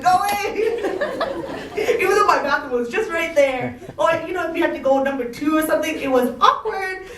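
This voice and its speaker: Chatty young woman speaker, high voice, giggly, heard from across an echoey room. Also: distant mic. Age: young adult. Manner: chatty, giggly, says "like" a lot. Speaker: college panel speaker. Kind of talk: casual talk to students. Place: school room.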